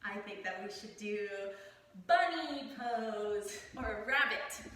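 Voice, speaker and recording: A woman's voice: medium pitch, lively intonation, slow, fairly bright tone, heavy reverb, far from the mic. A woman guiding a children's yoga class, playful and encouraging as she demonstrates poses. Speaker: kids yoga teacher.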